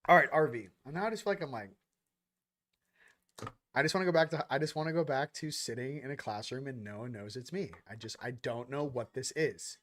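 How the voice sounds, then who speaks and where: A man's voice: mid-range voice, a little fast, a bit bright, slight background noise. A man hosting a casual spiritual chat show, rambling between topics in a slangy, offhand way. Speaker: host.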